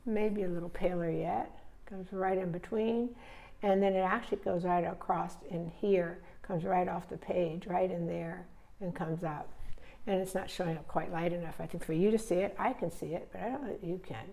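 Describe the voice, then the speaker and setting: A woman teaching painting, relaxed and thinking aloud step by step as she paints. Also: on the low side, moderate pace, creaky. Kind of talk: narrating a live painting demonstration.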